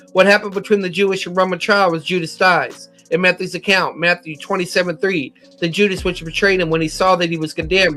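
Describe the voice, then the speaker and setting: A man's voice: sits high, pushed and bright. An American man teaching a methodical Bible lesson, citing chapter and verse with occasional slips. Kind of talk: scripture lesson.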